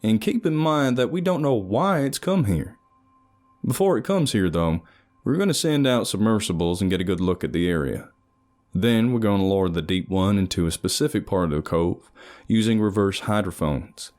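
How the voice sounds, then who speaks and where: A man voicing a scheming male expedition leader who briskly lays out a plan and mocks his crew. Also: fairly low pitch, lively intonation, a little mellow, lightly acted. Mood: briefing.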